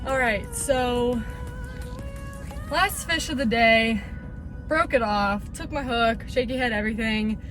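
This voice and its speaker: A chatty woman with a high, bright voice vlogs from the bank of a pond. She talks loosely into an action camera, and music sits clearly behind her words. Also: takes it slowly, long pauses. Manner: excitable, chatty, exclaims freely. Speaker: fishing vlogger. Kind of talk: casual outdoor vlog. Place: outdoors by a pond. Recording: windy outdoor camera audio with music.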